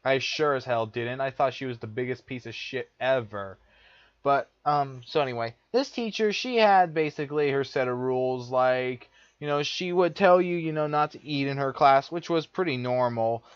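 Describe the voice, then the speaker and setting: A man's voice: mid-range voice, moderate pace, clean tone, no echo. A young man vlogger telling a personal story in a profane, repetitive, exasperated rant. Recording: dull lo-fi dry recording.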